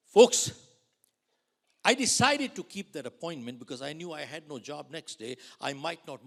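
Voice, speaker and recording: A man in his sixties from India, giving a dramatic storytelling keynote that swings between loud outbursts and near whispers. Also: medium pitch. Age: 60s. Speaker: motivational speaker.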